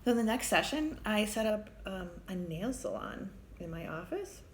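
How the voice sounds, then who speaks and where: A therapist telling a personal story in a vivid, conversational way, acting out the voices of the people in it. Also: female voice, mid-range voice, big pitch swings, moderate pace, a little hiss or hum.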